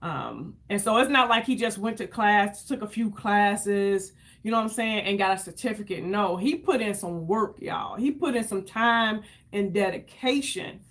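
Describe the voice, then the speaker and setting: A woman's voice: medium pitch, lively intonation, moderate pace, fairly bright tone. Chatty woman in her fifties, livestreaming. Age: 50s. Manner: chatty, effusive, greets viewers by name. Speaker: makeup livestream host. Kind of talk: casual livestream chat while doing makeup.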